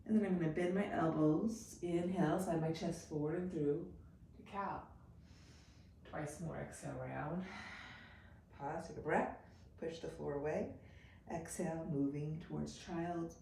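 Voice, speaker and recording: A woman teaching a yoga class, calmly talking students through poses and breaths. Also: fairly low pitch, distant mic, slight background noise. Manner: calm, unhurried cueing with breath counts. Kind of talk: guided yoga instruction. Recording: very echoey room, off mic.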